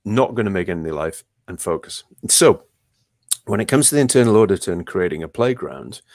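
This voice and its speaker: A man, a guest in an interview, explaining his ideas with lively, animated storytelling. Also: fairly quick, no room sound, studio quality. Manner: animated storyteller, lively pitch jumps and pace shifts. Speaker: guest, leadership trainer. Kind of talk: conversational interview.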